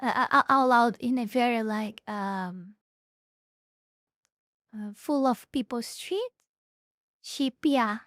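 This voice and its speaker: A woman streamer giving casual live commentary on clips, with sarcastic, mocking asides and halting restarts. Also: a little high, a bit bright, no echo, studio quality.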